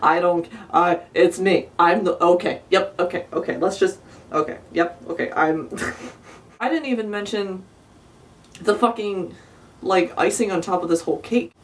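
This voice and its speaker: Young woman, low-pitched voice, exasperated profane ranting, mic a bit distant. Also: measured pace, slight background noise. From South Jersey, USA. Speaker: vlogger. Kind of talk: storytime rant.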